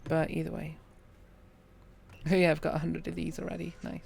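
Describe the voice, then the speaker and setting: Calm, gravelly-voiced woman streamer. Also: low-pitched, normal speed, slight background noise. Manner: calm, thinking aloud while playing. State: hiccuping. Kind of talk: quiet gameplay commentary.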